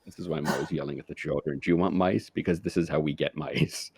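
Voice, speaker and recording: Deep gravelly man in dry banter. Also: steady tone, fast, a little mellow. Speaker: podcast co-host. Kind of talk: casual chat.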